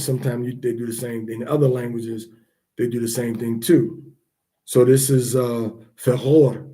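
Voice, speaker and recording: A man teaching the pronunciation of scripture words, repeating each sound slowly to demonstrate it. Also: mid-range voice, mellow.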